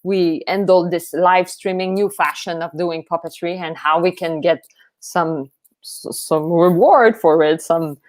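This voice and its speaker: Host, woman, French Canadian accent, slow and effusive, stumbles on restarts, live stream. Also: on the low side, fairly even intonation. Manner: enthusiastic, effusive, halting restarts. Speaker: podcast host.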